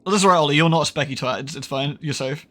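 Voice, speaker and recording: A man's voice: on the high side, very fast, a bit bright. A British man streaming a horror game, chatting casually with viewers in a rambling, sweary way, correcting himself and laughing often. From United Kingdom. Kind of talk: casual livestream chat.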